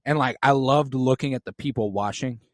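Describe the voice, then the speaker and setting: A man co-hosting a podcast, retelling scenes with animated, acted-out lines. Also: mid-range voice, fairly quick, dry recording, clean studio sound. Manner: animated, acts out characters' lines. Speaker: podcast co-host. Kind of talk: casual episode breakdown.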